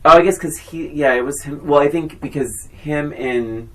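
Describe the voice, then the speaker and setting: A woman's voice: sits low, moderate pace, a bit bright, rough recording. A woman co-hosting a podcast, chatting casually and teasing her friend, rambling with fillers. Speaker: podcast co-host. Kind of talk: casual chat.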